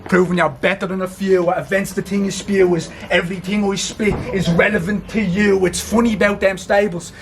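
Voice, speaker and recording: A man with a Dublin accent performing rap battle verses at an outdoor event, brash and cocky, shouting his punchlines. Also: sits high, little pitch movement, fairly quick, hardly any pauses, background noise. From Ireland. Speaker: battle rapper.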